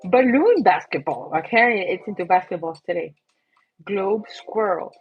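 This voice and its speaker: A woman's voice: mid-range voice, expressive, moderate pace, husky, lo-fi sound, soft background music. A woman hosting a casual livestream, chatty and self-mocking as she talks through an itchy, coughing throat. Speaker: livestream host and app creator.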